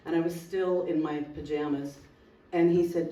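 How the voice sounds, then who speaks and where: A woman's voice: fairly low pitch, steady tone, brisk, hardly any pauses, dark tone. A woman, a local resident, telling an emotional personal story at a community meeting, acting out the dialogue vividly. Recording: roomy hall, distant mic, faint noise.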